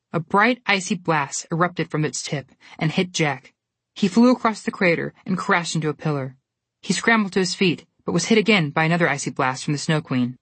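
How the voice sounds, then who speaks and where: Woman, storybook narrator, low voice, husky, dry close recording. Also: no echo. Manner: steady, expressive storytelling.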